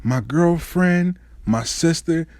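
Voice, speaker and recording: Man voicing a soft-spoken woman making excuses, low key. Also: slow, no echo, studio quality. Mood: explaining. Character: soft-spoken girlfriend explaining herself, a woman.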